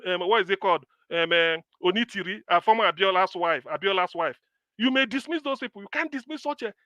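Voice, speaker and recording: Impassioned Nigerian man, high bright voice. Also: no room sound. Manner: impassioned, lecturing, scolding viewers. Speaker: live stream host. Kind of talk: live stream commentary answering viewer comments.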